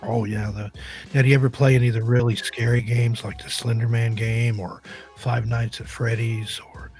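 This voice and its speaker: A man's voice: medium pitch, flat delivery, moderate pace, darkish tone, faint music behind. A man hosting a casual live-stream chat show, joking and rambling with a slightly scratchy throat. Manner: easygoing, joking, rambling with restarts. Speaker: podcast host.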